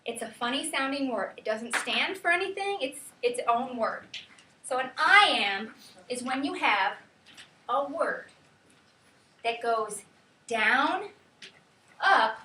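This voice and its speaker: A woman's voice: sits high, expressive, slow, pauses often, pushed and bright. A woman teaching a class, sometimes calling words out in a sing-song way to show syllable stress. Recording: echoey classroom, mic far off.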